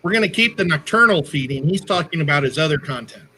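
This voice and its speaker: A man with a bright, fairly high voice co-hosts a casual livestream. He talks in a chatty, joking way and keeps correcting himself mid-sentence. A faint noise runs behind him. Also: expressive, fast talker. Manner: chatty, self-correcting, jokey. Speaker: co-host.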